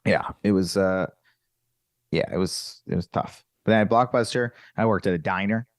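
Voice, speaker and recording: A man's voice: sits low, moderate pace, no room sound, clean studio sound. A man from Virginia, a comedian guest, telling stories in casual chat and acting out the people in them. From Virginia, USA. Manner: animated, acts out quoted exchanges.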